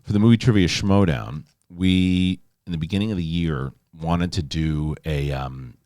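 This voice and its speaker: A middle-aged man hosting a casual solo show, telling stories with lively, animated delivery and reading a sponsor spot. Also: sits low, measured pace, no echo, clean studio sound. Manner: animated storytelling, yelling in quoted outbursts. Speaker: host.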